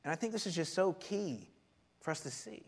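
A man preaching a sermon and teaching from scripture, animated, laughing often and repeating words as he goes. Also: fairly high pitch, brisk, breathy edge. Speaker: pastor.

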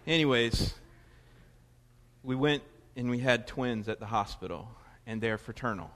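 A man's voice: medium pitch, unhurried, fairly bright tone. A man from Florida with a Southern US accent, preaching a sermon in a chatty, digressive way that keeps correcting itself. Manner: conversational, digressive with self-corrections. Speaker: pastor. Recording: long reverb of a large hall.

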